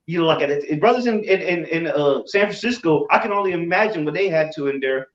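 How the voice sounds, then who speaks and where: A man recounts events in animated, casual chat, stumbling over repeated words and cursing as he goes. His voice sits a little high and comes from away from the mic. The sound is roomy and dull. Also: fast talker, far from the mic. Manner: animated, repeats himself, swears. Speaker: religious group member. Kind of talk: casual storytelling.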